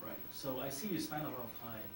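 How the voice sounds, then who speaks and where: A hypnotist hosting an interview, asking calm, probing questions and coaching the guest. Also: medium pitch, fast talker. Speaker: hypnotist host. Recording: roomy, distant mic, noisy background.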